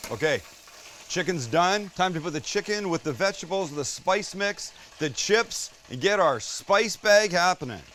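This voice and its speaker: A man hosting a casual cooking demonstration, excitable and chatty, swearing when delighted and talking straight to the viewer. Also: on the high side, noisy background. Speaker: cooking show host.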